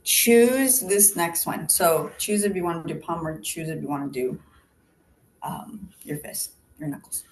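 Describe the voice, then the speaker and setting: A woman leading a face yoga class over a video call, giving calm step-by-step cues and counting breaths. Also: lowish voice, measured pace. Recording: video call audio with faint background noise.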